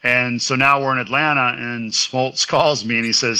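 Male interview guest, former pitcher, bright voice, lively storyteller. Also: moderate pace, few pauses, smooth. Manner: chatty storytelling, acts out quotes.

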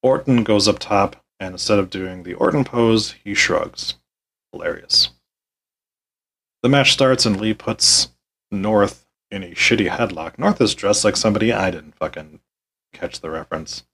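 A man with a lowish, husky voice recaps a wrestling show play by play for his podcast. He is deadpan and worn out, with dry sarcasm and frequent swearing. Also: measured pace, rough recording. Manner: weary, deadpan, swears often.

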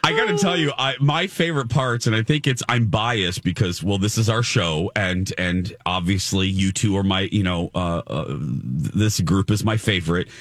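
A man's voice: lowish voice, moderate pace, hardly any pauses, no echo. A man hosting a morning show in casual chat, telling stories with many restarts. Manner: animated storyteller, many restarts.

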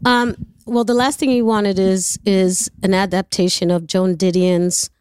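A middle-aged woman tells stories as a guest. She is animated and blunt, swears freely and acts out each side of the dialogue. Her voice sits at an ordinary pitch for a woman and sounds dry and close-miked. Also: a little slow, clean tone, dry recording. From New York. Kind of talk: casual storytelling.

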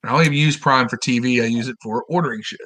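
A man's voice: medium pitch, very fast, fairly bright tone. A man co-hosting a podcast, chatty and wry in casual banter. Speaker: podcast co-host.

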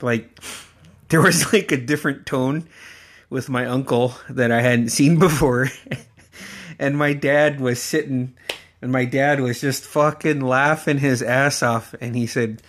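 A man from Alaska telling stories on his podcast in an easy, meandering way. He laughs often, curses casually and circles back on himself, his voice sitting at an ordinary middle pitch. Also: steady tone, a little slow, a bit bright. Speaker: podcast host. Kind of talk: casual personal storytelling.

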